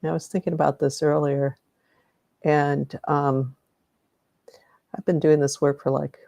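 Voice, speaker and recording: A woman's voice: sits low, level tone, measured pace, creaky, dark tone, no room sound. A middle-aged woman hosting a live-streamed energy healing meditation, rambling and correcting herself as she guides listeners and greets viewers by name.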